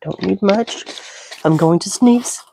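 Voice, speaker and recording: Slow, gravelly, and warm, the crafting host's mid-range voice carries a Southern US accent over a little hiss or hum. She talks to herself while working, chatting casually with some mumbled asides.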